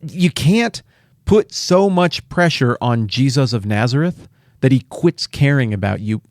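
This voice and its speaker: A middle-aged man hosting a podcast, teaching the Bible in a casual, animated way with jokey asides and playful paraphrases. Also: mid-range voice, a little slow, no echo, clean studio sound.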